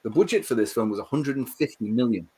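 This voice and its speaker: A man co-hosting a casual livestream chat, animated and swearing as he rants about films. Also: medium pitch, quick pace, slightly rough. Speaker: co-host.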